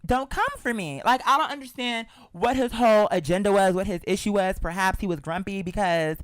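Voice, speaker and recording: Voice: mid-range voice, brisk, smooth, no echo. A show host telling a story in a sassy, chatty monologue and calling the listener "girl".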